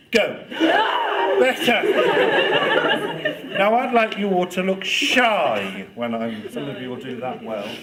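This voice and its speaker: A man leading a storytelling workshop with playful, demonstrative, teasing delivery. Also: mid-range voice. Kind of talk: lively workshop talk to students. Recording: loud background noise.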